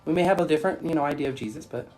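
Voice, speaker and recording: A woman with a low, slightly mellow voice races through a casual phone livestream, faint music playing behind her. She runs a spiritual shop and comes across bubbly, laughing often as she reacts to viewer comments.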